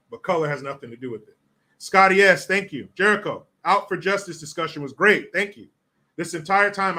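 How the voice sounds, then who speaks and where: A man's voice: fairly high pitch, pushed and bright. A male host giving casual commentary on viewer comments, blunt, profane and rambling.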